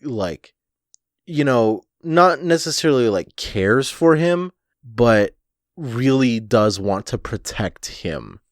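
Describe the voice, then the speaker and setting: A man co-hosting a podcast in casual chat, relaxed and halting with many fillers. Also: medium pitch, no echo, studio quality. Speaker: podcast co-host.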